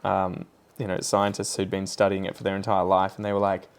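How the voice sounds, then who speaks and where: Rambling Australian man, low voice. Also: completely flat delivery, brisk, gravelly, a little hiss or hum. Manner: chatty, rambling, goes off on tangents. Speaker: plant channel host. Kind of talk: casual chat while potting plants.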